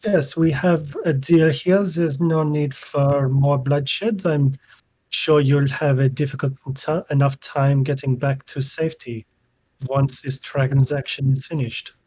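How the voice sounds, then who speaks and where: A man's voice: mid-range voice, steady tone, unhurried, a little mellow, no room sound, close to an everyday voice. A man voicing a haughty wizard who speaks with formal, menacing politeness. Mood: threatening. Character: haughty, courteous male wizard.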